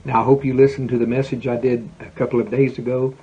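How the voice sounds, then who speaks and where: A man preaching a folksy, animated sermon as pastor, with emphatic repetition. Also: medium pitch, quick pace, breathy edge, dull audio. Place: prayer center.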